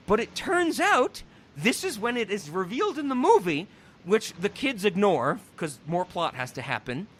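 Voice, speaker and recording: An excitable podcast host, a man, tells a story in loose, profane, animated chat. His voice sits high for a man and leaps all over the place in pitch. He laughs and keeps the energy up. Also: moderate pace.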